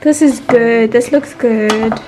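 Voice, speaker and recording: A woman's voice: a little high, slow. A young South African woman vlogging casually while cooking at home, chatty, giggly and teasing. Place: home kitchen. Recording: TV chatter in background. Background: TV show playing.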